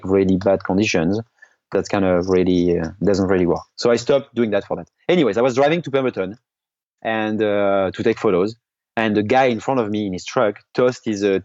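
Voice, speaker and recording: A man guest on an interview, a pro mountain biker, telling stories in a lively casual way and laughing often. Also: on the low side, no echo. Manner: animated storyteller, laughs often. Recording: slightly dull lo-fi sound.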